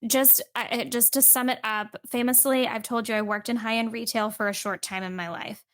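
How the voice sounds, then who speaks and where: A woman's voice: fairly high pitch, fairly even intonation, a little fast, fairly bright tone, no echo. A woman chatting as a podcast guest, telling stories in a rambling way full of "like" fillers. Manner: chatty storyteller, many fillers like "like". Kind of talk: casual podcast chat.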